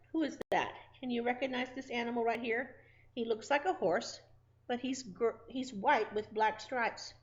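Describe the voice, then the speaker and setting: Slow, sing-song woman teacher. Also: mid-range voice, lo-fi sound. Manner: slow, sing-song, speaking to small children. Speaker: preschool teacher. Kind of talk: circle time lesson for young children.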